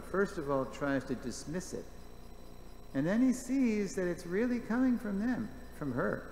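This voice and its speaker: A man presenting a class, reading a story aloud and commenting on it with lively asides. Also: mid-range voice. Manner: animated storyteller, reads quotes aloud, jokes with the class. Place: temple hall. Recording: echoey hall with faint background noise.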